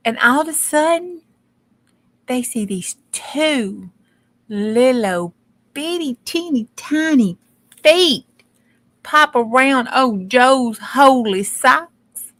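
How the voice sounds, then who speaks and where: A woman's voice: a little high, slow pace, fairly bright tone, dry recording. A woman telling a folksy story in a dramatic, chatty way. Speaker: craft vlogger.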